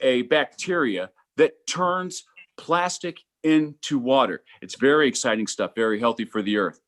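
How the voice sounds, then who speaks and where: A middle-aged man performs a rambling open-mic stand-up set from home over a video call. His voice sits a little high and swings widely. He bursts into loud, exasperated rants. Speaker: stand-up comedian.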